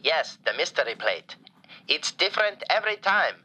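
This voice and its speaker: A man playing a warm, flattering falafel shop owner who calls in to a radio show, speaking broken English with dropped articles and deadpan compliments. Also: a little high, normal speed, heavily acted, low-quality recording. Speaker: caller. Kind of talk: comedic radio call-in sketch.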